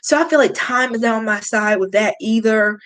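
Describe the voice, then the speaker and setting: A woman's voice: fairly high pitch, fairly quick, a bit bright. A woman, confiding in casual chat, emotional, sighing often. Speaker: beauty vlogger. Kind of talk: casual chat reading live comments.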